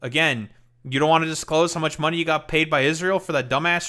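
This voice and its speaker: A man's voice: fairly high pitch, steady tone, fast talker, sharp tone. A man hosting a live stream, reacting to a clip with mocking, heated commentary full of swearing. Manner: mocking, heated, profane, with laughs. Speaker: streamer host.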